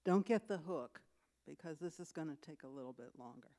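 A woman's voice: sits low, brisk. Chatty woman telling a church testimony. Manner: lively, chatty storyteller with laughs and fillers. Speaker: church member giving testimony.

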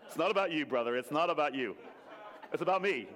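A man's voice: on the high side, expressive, fast talker, a bit bright. A man preaching a playful sermon, joking with the congregation and leading them in call-and-response. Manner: jokey, leads the crowd in call-and-response. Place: church hall with an audience. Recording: long reverb of a large hall.

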